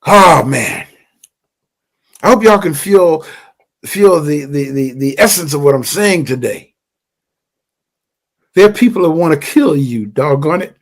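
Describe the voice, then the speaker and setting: Older male livestream preacher, fervent and emphatic, somewhat high-pitched, stumbles over repeated words. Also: animated, unhurried, pauses often. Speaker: livestream host and teacher. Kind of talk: impassioned livestream teaching.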